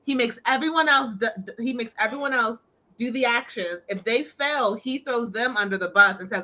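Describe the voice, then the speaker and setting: A woman co-hosts a casual movie podcast, arguing her opinions with emphatic, heated conviction. Her voice is bright and fairly high. The recording sounds a bit dull and lo-fi. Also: normal speed. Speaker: podcast co-host.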